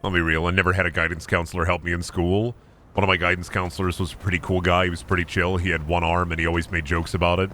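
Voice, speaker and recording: A man's voice: deep voice, level tone, fast talker, sharp tone, a little hiss or hum. A man giving casual, joking gameplay commentary on a stream, sarcastic and profane.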